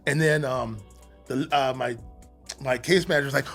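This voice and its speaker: Fifties guy from atlanta telling his story on a podcast, raspy fry in the voice, laughs a lot, cusses, soft music under it. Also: on the high side, fairly quick. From Atlanta, USA. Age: 50s. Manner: animated, laughing, swears freely. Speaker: podcast guest. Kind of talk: casual storytelling.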